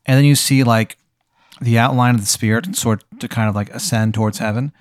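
Man, podcast host, rambling playful storyteller, mid pitch, dry close mic. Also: fairly even intonation, fairly quick, smooth, dry recording. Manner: loose, rambling, playful narration. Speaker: podcast host posing a hypothetical. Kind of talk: casual improvised storytelling.

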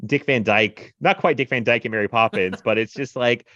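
A man casually reviewing a film in animated, rambling podcast chat, full of fillers and laughs. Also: medium pitch, moderate pace, no echo, highs cut off. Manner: animated, filler-heavy retelling with laughs and mimicry.

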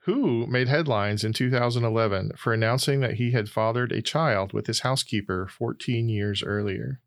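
A man hosting a trivia quiz on a podcast, brisk and dry in casual banter. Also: mid-range voice, dry recording. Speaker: quiz host.

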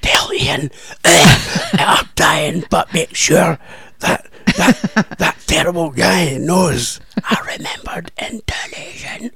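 A man voicing a feeble dying man who croaks out his last wishes in a whisper. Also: a little high, takes it slowly, few pauses, sharp tone, no room sound, pitched above the performer's own voice, heavily acted. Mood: melodramatic.

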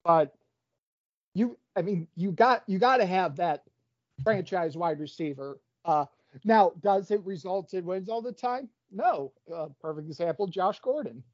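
A man's voice: sits high, lively intonation, unhurried, no room sound, dull audio. A man, a podcast guest, chatting casually about sports, rambling and restarting his phrases.

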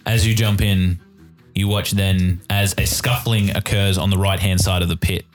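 A low-voiced man runs a tabletop game as game master, describing the scene in a deliberate, descriptive way. Faint music plays underneath him. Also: steady tone.

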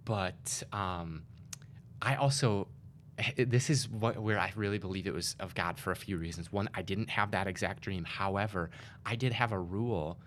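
A man's voice: low-pitched, moderate pace, slight background noise. A young man hosting an interview, speaking emphatically and chiming in often to agree. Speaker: host.

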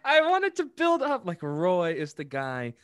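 A man's voice: high-pitched, huge pitch swings, unhurried, no echo, clean studio sound. A man reading his own comedy script aloud and chatting casually, self-mocking and laughing often.

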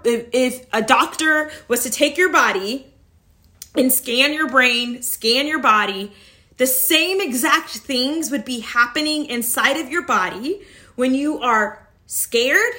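Bright, high-voiced chatty woman coach. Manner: chatty, animated, acts out anxious and excited inner voices. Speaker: online business coach. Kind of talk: motivational talk to camera.

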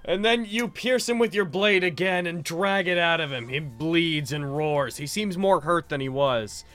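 Calm man running a tabletop game. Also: on the high side, measured pace. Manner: calm, matter-of-fact rulings with filler ums. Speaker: game master.

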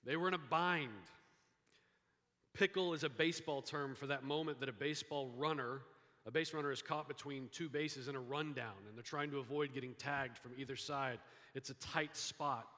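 A man preaches to his church, bright and forceful in tone. He tells the story with dips into hushed lines and lifts into lively emphasis. His voice carries a long reverb from the sanctuary. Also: mid-range voice. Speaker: pastor. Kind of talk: sermon. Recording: hall reverb.

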